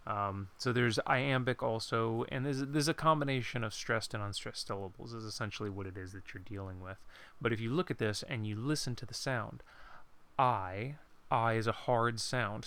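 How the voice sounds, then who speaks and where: A man teaching a poem in an informal, unscripted lesson, pausing to think and reading verse lines slowly. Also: lowish voice, a bit bright. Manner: unscripted, thinks aloud with pauses and apologies. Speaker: poetry teacher.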